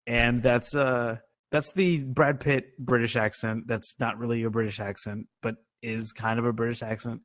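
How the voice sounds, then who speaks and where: A man in mid-range pitch, riffing in casual podcast banter. He is loose and profane and laughs easily as he builds up his points about films. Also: flat delivery, normal speed, few pauses, a bit bright. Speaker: podcast co-host. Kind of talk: casual movie chat.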